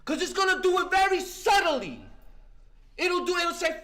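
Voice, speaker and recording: A man's voice: very high-pitched, animated, moderate pace, sharp tone. A man in his fifties giving a fervent, profane share at a recovery meeting, talking street-style and breaking in with "listen" again and again. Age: 50s.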